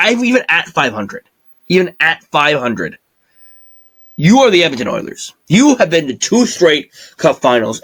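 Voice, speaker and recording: A man co-hosts a podcast in casual chat, joking and blunt in his takes. His voice sits a little high, with a bright, sharp tone. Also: poor audio. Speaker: podcast co-host.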